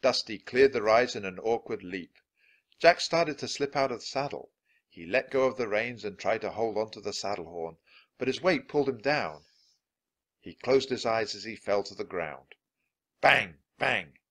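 Low-voiced man reading a children's book. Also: expressive. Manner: clear and deliberate for learners. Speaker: storybook reader. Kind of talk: children's book read-aloud.

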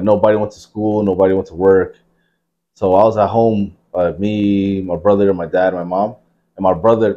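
A man's voice: fairly low pitch, warm tone. Man in his thirties, podcast host, from New Jersey, profane, rambling, dull lo-fi recording. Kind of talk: casual interview chat.

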